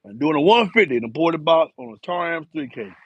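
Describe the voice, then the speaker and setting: A man's voice: fairly high pitch, expressive, quick pace, breathy edge, muffled recording. A man around fifty, chatting loosely on a live stream and rambling in slang. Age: 50s. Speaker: live-stream host, enclosure builder. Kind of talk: casual live-stream chat.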